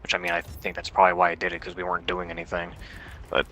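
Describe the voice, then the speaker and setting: A man's voice: low-pitched, completely flat delivery, racing, background noise. A man chatting casually with a streamer as his co-op partner, stammering and repeating words. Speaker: co-op gaming partner on voice chat. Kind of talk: casual chat.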